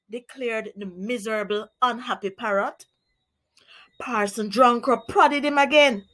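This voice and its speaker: Slow-spoken Jamaican woman teacher. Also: on the high side, a bit bright. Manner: slow, clear, explanatory. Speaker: primary school teacher. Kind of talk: children's read-aloud and vocabulary lesson.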